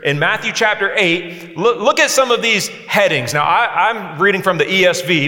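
A man in his forties delivering a sermon with passion, dropping to a hush and then pressing hard. His voice is fairly high and bright, and it rings out with a long reverb in a large hall. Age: 40s. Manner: impassioned, swings between hushed and emphatic. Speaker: preacher. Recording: echoey hall sound.

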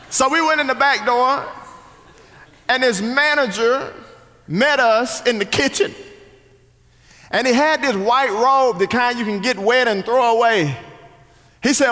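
A man, preaching an animated storytelling sermon to his congregation. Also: extremely high pitch, normal speed. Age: 40s. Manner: animated, acts out quotes, speaks to the crowd. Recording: hall reverb.

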